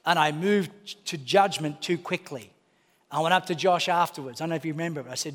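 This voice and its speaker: A man, preaching a lively sermon with jokes and acted-out voices. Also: fairly high pitch, a little fast. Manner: animated, acts out voices, jokes with the congregation. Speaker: pastor. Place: church auditorium. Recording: preaching in a reverberant hall.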